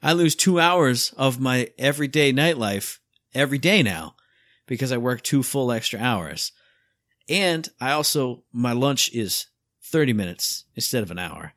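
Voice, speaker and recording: A man co-hosting a podcast in casual chat, telling stories with lively acted-out asides. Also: a little slow, no echo, studio quality. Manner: animated storyteller, acts out his own inner voice with big pitch jumps. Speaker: podcast co-host.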